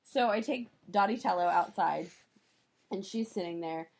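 Animated woman telling a story in casual chat. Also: medium pitch, moderate pace, creaky. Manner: animated storyteller who acts out the people she quotes, with profanity. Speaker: podcast co-host.

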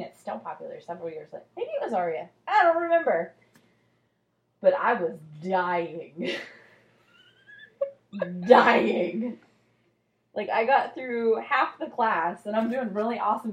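A woman in her thirties co-hosts a podcast, her medium-pitched voice carrying a reverberant sound. The chat is casual and teasing, with lots of laughter.

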